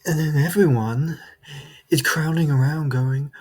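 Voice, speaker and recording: A man's voice: a little high, a little slow, slightly rough. A man delivering a comedic character monologue, rambling and stammering, repeating himself as he justifies himself.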